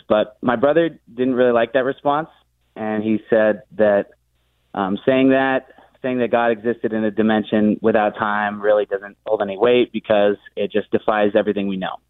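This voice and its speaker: A man calling a radio show by phone, asking a question in a halting way with many pauses. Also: lowish voice, no room sound. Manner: halting, searching for words. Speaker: caller. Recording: tinny phone line.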